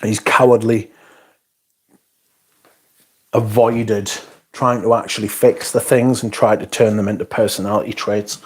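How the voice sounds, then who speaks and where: A man's voice: fairly low pitch, flat delivery, measured pace, long pauses. A man hosting a casual livestream, reading out viewer comments and answering them in a blunt, sweary, sardonic way. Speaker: livestream host.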